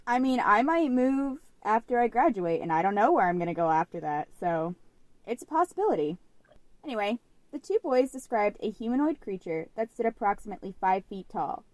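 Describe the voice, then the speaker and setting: A woman's voice: mid-range voice, big pitch swings, brisk, darkish tone, no echo. Chatty young woman, dry close sound. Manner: chatty, peppered with "like" fillers. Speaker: podcast co-host. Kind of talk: casual podcast chat.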